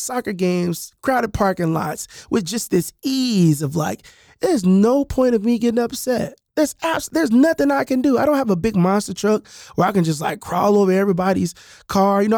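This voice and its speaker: A man hosting a podcast, telling personal stories in a loose, animated way with lots of fillers and restarts, speaking close to the mic. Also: high voice, no room sound. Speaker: podcast host and author. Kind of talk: casual storytelling monologue.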